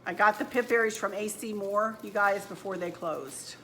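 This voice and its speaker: A woman's voice: mid-range voice, moderate pace, fairly bright tone, a little hiss or hum. A middle-aged woman, chatting casually to viewers at home while she shows her fall decorating and crafts. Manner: chatty, homey, addresses viewers as y'all. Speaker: home decor channel host. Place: at home, indoors.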